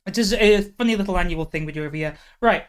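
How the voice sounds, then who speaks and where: A woman's voice: medium pitch, fast talker, smooth. Rambling self-mocking woman streamer. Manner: self-deprecating, rambling, laughs often. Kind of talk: casual live-stream chat and reading.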